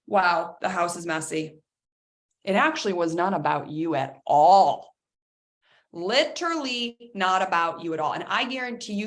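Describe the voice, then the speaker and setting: Animated woman coaching a workshop. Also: fairly low pitch. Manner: animated, acts out quoted dialogue in other voices. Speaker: host of a self-help workshop. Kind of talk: live coaching talk.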